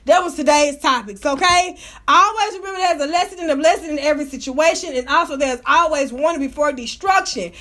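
A woman hosting her own radio show, telling wild stories in a loud, profane, animated way. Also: high voice, a little fast. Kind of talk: casual storytelling monologue.

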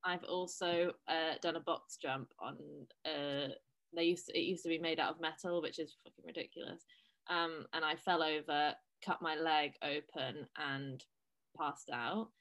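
A woman co-hosting a casual fitness chat, frank and quick to swear. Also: low voice, steady tone, a bit bright.

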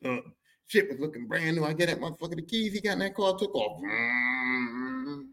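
A man telling a story about his father on his podcast in a casual, profane, animated way. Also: a little high, normal speed, creaky. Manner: animated, profane, jumps into quoted voices. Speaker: podcast host.

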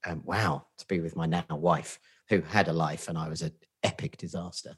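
Podcast guest, male, Portsmouth accent, husky voice, casual and sweary self-deprecating banter. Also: low voice, fairly even intonation, normal speed. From Portsmouth, England. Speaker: guest, marketing agency founder.

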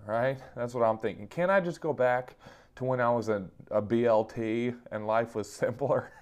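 A man's voice: mid-range voice, normal speed, a little mellow, clean tone. A man in his thirties telling funny personal stories in a casual monologue, self-mocking and chuckling often.

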